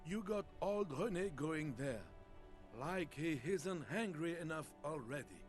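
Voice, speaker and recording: A wry, mocking game character whose fairly high voice bounces with lively pitch. Faint music plays underneath. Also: male voice, a little slow. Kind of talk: video game voice acting.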